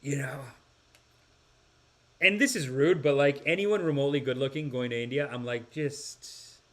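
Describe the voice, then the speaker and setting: At a moderate pace, a podcast host with a mid-range voice reads out comments from viewers. His delivery is rambling, full of sighs and restarts, and he occasionally does impressions.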